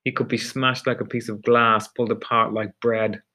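A man narrating a dark story in a measured, deliberate audiobook reading. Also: on the low side, little pitch movement.

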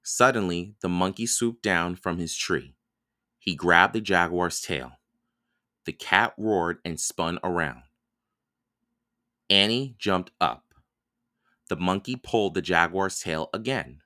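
A man reading a children's chapter book aloud for a podcast, in calm, even storytelling narration. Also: deep voice, slow, long pauses, no echo, studio quality. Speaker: podcast reader.

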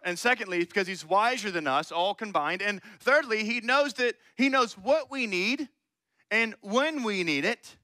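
A man's voice: high voice, pushed and bright, no room sound. A man preaching a conversational sermon, playfully acting out little scenes and voices. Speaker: pastor.

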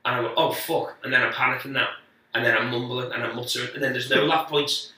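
A man's voice: mid-range voice, flat delivery, fast talker, sharp tone, distant mic. A man, a guest comedian telling rambling, sweary stories in casual chat with lots of restarts. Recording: very echoey, off-mic.

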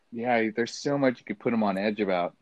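A man co-hosting a casual talk show, talking in a relaxed way and laughing easily. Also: on the low side, moderate pace, no room sound, low-quality recording. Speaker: podcast co-host. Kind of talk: casual chat.

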